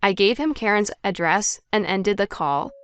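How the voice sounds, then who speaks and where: A woman reading a first-person story aloud as narrator, in a plain, steady way. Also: mid-range voice, moderate pace, smooth.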